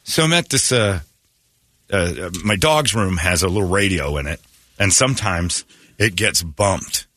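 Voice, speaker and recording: A man hosting a morning radio show, ranting with lively swings in pitch and a slightly husky, bright tone. He talks in a mocking, animated way and often breaks into laughs. His voice is dry and close to the mic. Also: a little slow, dry recording. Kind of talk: casual on-air banter.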